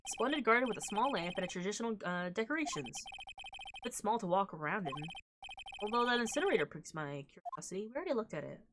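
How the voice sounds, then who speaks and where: A woman's voice: medium pitch, big pitch swings, fast talker, background noise. A young woman streamer giving casual let's-play commentary, musing about the scenery with little asides. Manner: chatty, reads scenery aloud, asides.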